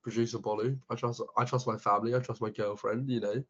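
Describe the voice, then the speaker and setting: A young man co-hosting a casual podcast, chatty and quick to swear and laugh. His voice is husky and a little breathy. The recording sounds dull and lo-fi. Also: medium pitch, flat delivery, a bit bright. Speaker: podcast co-host. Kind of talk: casual chat.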